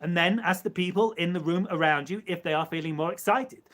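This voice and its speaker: A man in a live channeling session who speaks as a collective "we", in measured, repetitive phrases. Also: high-pitched, fairly bright tone. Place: live stream.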